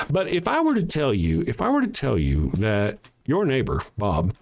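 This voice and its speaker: A man hosting a show, delivering a mocking, sarcastic monologue that swings between loud jabs and quiet asides. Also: medium pitch, huge pitch swings, normal speed, vocal fry, hardly any pauses. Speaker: show host. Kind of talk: ranting monologue.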